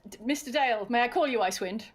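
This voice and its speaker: A woman's voice: fairly high pitch, racing. A woman playing a tabletop game, talking in a brash, demanding way. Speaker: player.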